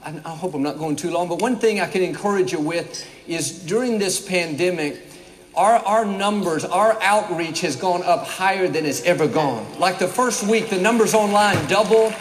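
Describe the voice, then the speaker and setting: A pastor with a high-sitting voice preaches at a normal pace to a big congregation in a church that used to be a basketball arena. He's folksy and upbeat, rambling a bit before he hits his stride. The recording carries echoey arena reverb.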